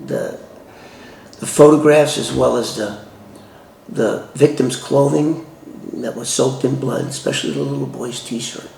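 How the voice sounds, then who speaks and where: A man from the Bronx, telling a true story from his past in a loose, halting way with many restarts. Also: medium pitch, gravelly, a little mellow, a little hiss or hum. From the Bronx, New York. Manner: loose, halting retelling with restarts and street phrasing. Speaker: former FBI informant recounting a case. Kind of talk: conversational first-person storytelling. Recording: roomy echo.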